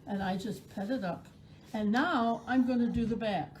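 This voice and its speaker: A woman's voice: fairly high pitch, moderate pace, a little mellow, a little hiss or hum, poor audio. A middle-aged woman teaching sewing in a shop, chatty, playful and encouraging. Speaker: sewing instructor. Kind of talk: live sewing demonstration.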